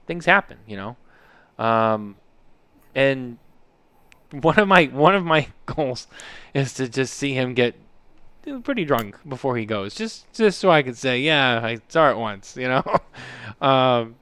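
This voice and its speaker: A man in his thirties co-hosts a podcast in loose, casual chat, rambling through his stories with plenty of "like" and "you know" and the odd swear word. His voice is smooth and clean, with medium pitch. The sound is dry and close. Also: a bit bright, no room sound. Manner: rambling storyteller, swears freely, heavy use of "like" and "you know". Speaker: podcast co-host.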